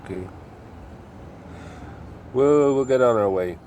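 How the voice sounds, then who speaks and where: A man's voice: mid-range voice, slow, a little mellow. A man casually narrating to viewers while walking his dog, with wry, chatty asides and some swearing. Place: city street outdoors. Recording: street traffic noise behind.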